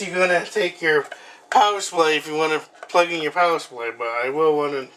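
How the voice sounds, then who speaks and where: Rambling man unboxing, noisy recording. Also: on the high side. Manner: rambling, halting, apologetic, with many fillers. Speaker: video host. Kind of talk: casual unboxing vlog.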